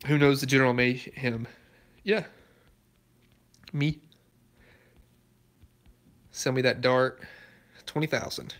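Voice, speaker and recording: A young man from Alabama hosts his own car channel and chats casually with viewers. His voice is bright and forward, with an easygoing manner, and he laughs often. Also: mid-range voice, steady tone, slow, long pauses. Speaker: YouTube car channel host. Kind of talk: casual chat answering live viewer comments.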